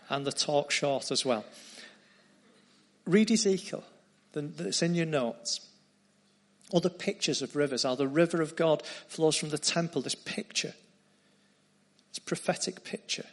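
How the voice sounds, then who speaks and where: A man preaching a sermon, retelling a story earnestly and dropping into quieter tones. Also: fairly high pitch.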